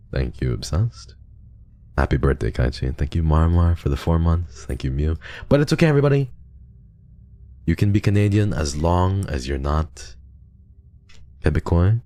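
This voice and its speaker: A young man streaming and reading donations in a casual chat, soft and affectionate, sometimes teasing his viewers. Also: a bass voice, lively intonation, moderate pace, pauses often.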